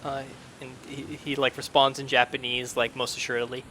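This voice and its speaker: A man's voice: medium pitch, flat delivery, a little fast, bright, forceful tone, slight background noise. A man narrating as game master of a tabletop game, loose and hesitant, with many fillers and restarts.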